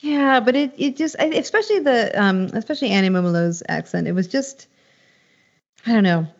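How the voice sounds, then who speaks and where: A woman with a somewhat high voice co-hosting a film podcast, giving strong opinions while stumbling and restarting as she talks. The recording sounds a little dull and muffled. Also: very animated, brisk. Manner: hesitant, restarts often, opinionated. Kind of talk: casual chat.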